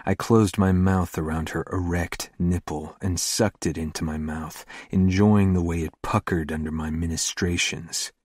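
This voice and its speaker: A man narrating a first-person romance audiobook in a slow, hushed, intimate delivery. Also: sits low, fairly even intonation, breathy edge, dry recording, clean studio sound.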